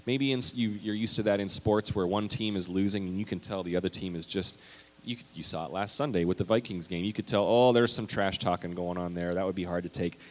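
A male pastor preaching a sermon, animated and emphatic, reading scripture aloud with big swings in loudness. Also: low-pitched, a little fast. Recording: long hall reverb.

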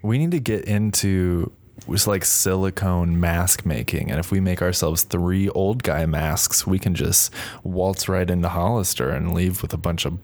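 A man's voice: deep voice, unhurried, darkish tone, no echo. A man co-hosting a comedy podcast, joking and asking playful questions. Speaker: podcast co-host.

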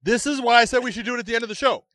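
A man co-hosting a podcast, teasing and goading his friend through a spicy chip challenge and laughing loudly. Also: extremely high pitch, racing, no room sound. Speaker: podcast co-host. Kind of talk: casual chat, teasing.

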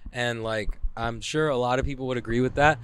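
A man talks on his podcast while driving, rambling and cursing freely with a wry, self-mocking edge. His voice is smooth and clear at an ordinary middle pitch. The sound is close and dry, with no room around it. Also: fairly even intonation, brisk, a bit bright, dry recording. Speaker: podcast host. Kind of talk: casual solo podcast monologue. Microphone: headphones with mic.

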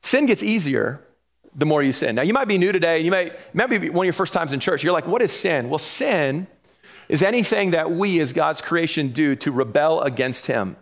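High-voiced man preaching a sermon. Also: normal speed. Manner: animated, acts out voices in Bible stories. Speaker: pastor.

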